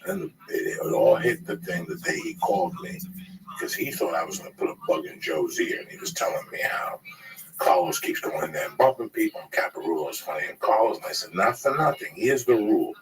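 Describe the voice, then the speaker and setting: A very deep male voice in casual chat that still moves around a lot in pitch. He talks in a low-key, confiding way and at times almost whispers. He sounds distant from the mic, with a crowd chattering clearly behind him. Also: animated, brisk, a little hiss or hum.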